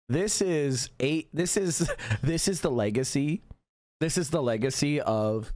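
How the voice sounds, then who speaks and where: In a dry, studio-quality recording, a male livestream host rants with heated sarcasm and plenty of swearing. His voice is a little high and darkish in tone, moving at normal speed with big pitch swings.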